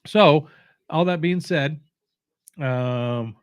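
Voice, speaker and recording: A man's voice: fairly high pitch, clean tone, dry recording, highs cut off. Sleepy, opinionated man rambling casually. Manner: opinionated, halting, many fillers and restarts. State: sleepy, yawning. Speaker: watch-along host.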